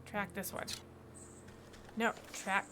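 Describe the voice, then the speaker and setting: A woman streamer chatting casually to herself and her viewers as she plays a game. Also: slow. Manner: chatty, talks to herself and the chat. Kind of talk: casual gameplay commentary. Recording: game music playing behind.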